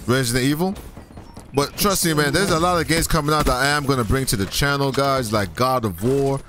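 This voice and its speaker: A young man from the US Virgin Islands, excitably trash-talking in profane bursts as a game streamer. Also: medium pitch, brisk, faint music behind. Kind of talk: casual live-stream commentary.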